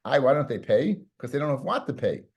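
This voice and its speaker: A male rabbi talks through a Talmud lesson at a middling pitch. He stays loose and conversational, restarts his phrases, and drops in Hebrew and Aramaic terms. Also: sing-song, fairly quick, a little mellow, breathy edge.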